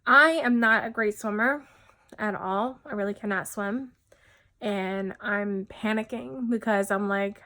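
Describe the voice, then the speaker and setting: Halting, soft-spoken woman giving testimony. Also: mid-range voice. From New Jersey, USA. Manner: halting, many fillers and restarts, often drops soft. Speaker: widow giving a personal testimony. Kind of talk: personal testimony.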